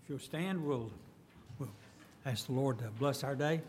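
A man's voice: medium pitch, unhurried, pauses often, a little hiss or hum. A man leading the closing prayer at a church service, earnestly and with repeated address to the Lord.

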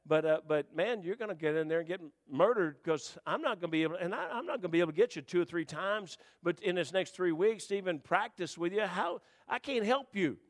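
Man, preacher, slightly high voice, animated storytelling sermon, rambling. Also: brisk, few pauses. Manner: animated, rambling anecdote with restarts.

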